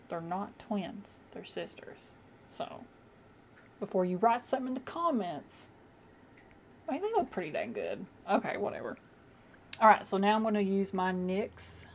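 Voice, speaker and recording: Doing her makeup at home, a young woman with a medium-pitched voice records a chatty, rambling get-ready-with-me vlog full of fillers. A little hiss or hum runs under the audio.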